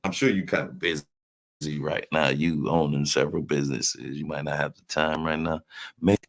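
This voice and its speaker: A man's voice: rumbling low, fairly even intonation, moderate pace, vocal fry. A man hosting a casual live stream, teasing his chat with loose slang and frequent laughs. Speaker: livestream host reading chat.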